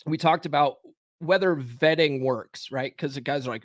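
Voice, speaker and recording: A man's voice: a little high, a little fast, a bit bright, dry recording, clean studio sound. A man hosting a live stream podcast, talking animatedly with frequent swearing and "okay?" tags. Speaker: podcast host. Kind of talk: live stream commentary and book reading.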